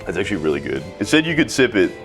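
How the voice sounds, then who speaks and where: A man's voice: low-pitched, very animated, racing, a bit bright, soft background music. A young man hosting a comedic cooking video, joking crudely and swearing as he cooks and tells stories. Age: young adult. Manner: crude, profane, self-mocking jokes. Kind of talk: casual comedic cooking vlog.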